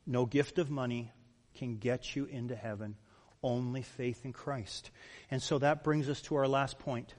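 A male pastor preaching a sermon, emphatic and full of rhetorical questions. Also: medium pitch. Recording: long reverb of a large hall.

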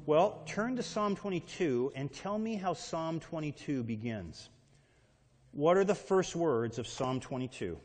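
A man preaching a sermon with emphatic delivery, reading scripture aloud and putting questions to the congregation. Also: fairly high pitch. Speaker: pastor. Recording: long hall reverb.

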